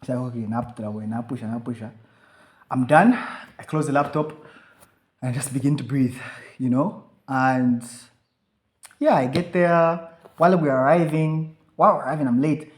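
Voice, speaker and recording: A man telling a rambling, animated story on a podcast, swearing freely and acting out the lines of the people in it. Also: medium pitch, normal speed. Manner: animated, swearing, acts out quoted dialogue. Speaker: podcast co-host. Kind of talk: casual storytelling chat.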